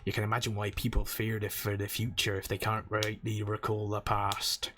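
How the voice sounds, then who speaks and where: Guy doing a boisterous harbor barkeep, rough sea-dog brogue, rambling and folksy. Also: on the low side, measured pace, natural voice. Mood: grim. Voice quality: exaggerated rough seafaring brogue. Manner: boisterous, folksy, long-winded. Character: gruff middle-aged male harbor tavern keeper.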